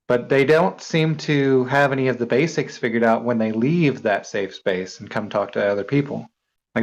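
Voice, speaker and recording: A man's voice: medium pitch, poor audio. A man on a debate panel critically discussing opponents in casual talk.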